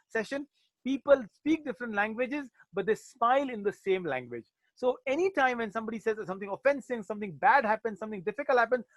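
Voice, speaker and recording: High-voiced man teaching an online class. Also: a bit bright, no echo. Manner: chatty, jokey, sprinkles Arabic religious phrases.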